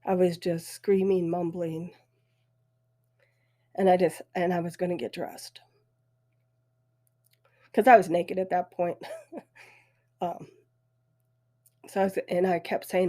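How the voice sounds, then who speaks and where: A middle-aged woman tells her own story on her podcast, halting and close to tears. Her voice is husky and breathy, with a mellow, dark tone. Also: fairly low pitch, fairly even intonation. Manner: emotional, halting, voice breaking. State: weepy. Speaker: podcast host. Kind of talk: personal storytelling.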